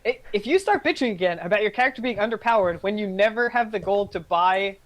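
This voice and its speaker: A woman's voice: mid-range voice, animated, fast talker, poor audio. A woman running a tabletop game as game master, talking casually and crudely with lots of likes and restarts. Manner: rambling, many likes and restarts.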